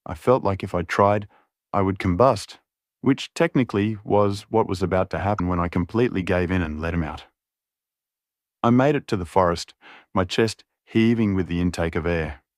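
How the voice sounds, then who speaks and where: Male narrator, low voice, dry close read, steady brooding storytelling. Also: dry recording. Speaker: audiobook narrator. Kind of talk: scripted first-person narration.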